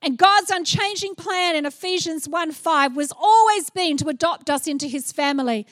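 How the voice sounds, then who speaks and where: A middle-aged woman preaching a sermon, animated and playful, acting out little scenes as she goes. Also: very high voice, moderate pace, dry recording, clean studio sound.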